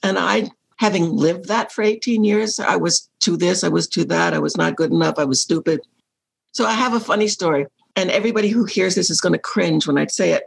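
A woman's voice: fairly low pitch, fairly quick, gravelly, slightly rough. A woman in her sixties, a guest telling personal stories candidly and acting out remembered dialogue. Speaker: interview guest. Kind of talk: personal storytelling in conversation.

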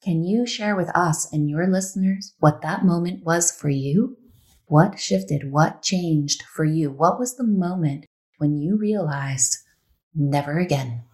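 A woman hosts a spiritual interview in an earnest, emphatic way. She returns to her key phrases again and again. Her voice sits slightly low. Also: expressive, a little slow, darkish tone, rough recording. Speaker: podcast host.

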